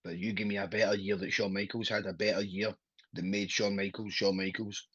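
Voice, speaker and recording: A man's voice: on the low side, level tone, a little fast, a bit bright, husky, dry recording, highs cut off. A Scottish man, a wrestler, chatting casually as a podcast guest, blunt and sweary with a laughing storyteller's manner.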